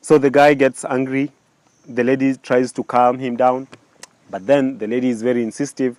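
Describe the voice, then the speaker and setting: A man's voice: mid-range voice, level tone, moderate pace, a little mellow, no room sound. A man telling a story casually, with many restarts and rhetorical questions.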